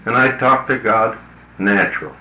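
A man's voice: on the low side, moderate pace, sharp tone, a little hiss or hum. A man who works as a business consultant tells a story to an audience in a folksy, blunt, colloquial way. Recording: roomy, dull lo-fi recording.

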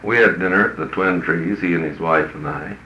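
A man's voice: sits low, brisk. A man who works as a business consultant tells a story to an audience in a folksy, blunt, colloquial way. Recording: roomy, dull lo-fi recording.

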